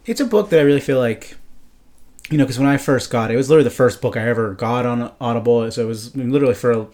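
A man's voice: medium pitch, fast talker, a little mellow. A man co-hosting a casual book podcast, talking enthusiastically and rambling, with frequent "like" and "you know". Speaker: podcast co-host.

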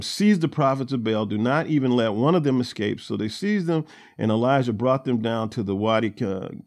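A man hosting a Bible study, reading verses aloud and explaining them in a loose, everyday way with plenty of ums and uhs. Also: mid-range voice. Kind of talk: casual scripture teaching.

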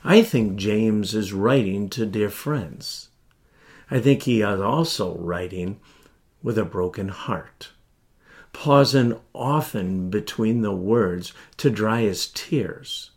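Slow, earnest male pastor preaching. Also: fairly low pitch. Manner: slow, earnest, heartfelt delivery with deliberate pauses. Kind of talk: sermon.

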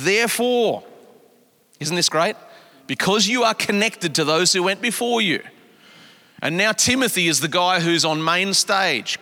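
Bright-voiced pastor preaching in a hall. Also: male voice, on the high side. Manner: emphatic preaching, swinging between hushed and raised lines. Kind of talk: sermon. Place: large church auditorium. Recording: long hall reverb.

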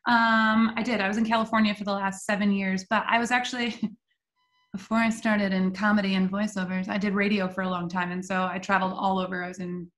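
A woman comedian and voice actor from New Jersey, talking as a guest over a video call in a lively, brash way. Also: mid-range voice, a little fast, soft background music. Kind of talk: casual chat.

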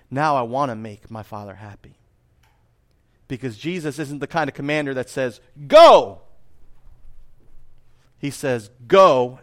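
A middle-aged man preaching a sermon in a conversational, self-deprecating way, with personal asides. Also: mid-range voice. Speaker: pastor.

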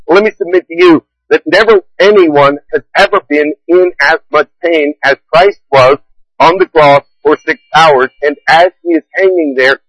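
A middle-aged man preaching a sermon as pastor, earnest and measured, leaning on slow emphatic words. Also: a little high, fairly bright tone, no echo, rough recording.

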